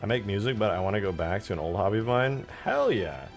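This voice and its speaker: A young man chatting on a live stream from home, rambling and swearing freely as he works on a game mod and answers viewers. His voice sits on the low side, with faint music playing in the background. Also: animated, quick pace. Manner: rambling, profane, reads chat aloud. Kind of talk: casual live-stream chat.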